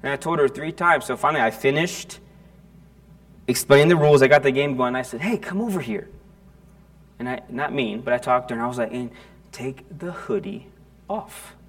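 A man's voice: mid-range voice, a bit bright. A man preaching a sermon in church, talking casually with frequent restarts and questions to the congregation. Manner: conversational, halting with restarts, asks the congregation questions. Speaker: pastor. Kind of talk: sermon with storytelling.

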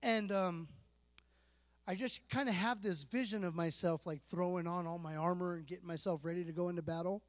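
A man, likely in his thirties, shares a personal church testimony in a relaxed, self-deprecating way, with lots of fillers and restarts. His voice is high and brisk, recorded without echo.

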